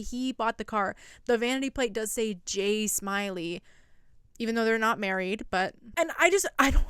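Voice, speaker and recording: A woman's voice: a little high, smooth, dry recording, studio quality. A young woman recapping a reality show in casual, sarcastic commentary. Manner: chatty and sarcastic, quotes people in mock voices. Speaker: recap vlogger.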